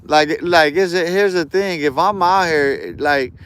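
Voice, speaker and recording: Smooth-voiced man ranting on a stream. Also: on the high side, a little slow, a bit bright. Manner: heated, streetwise slang, repeats words. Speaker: live streamer. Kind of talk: casual ranting monologue.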